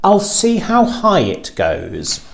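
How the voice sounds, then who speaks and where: A man's voice: sits high, wildly swooping pitch, slow, creaky, pitched above the performer's own voice, exaggerated voice. A man voicing a curious, cheerful young boy in a storybook, with a raised voice and eager questions.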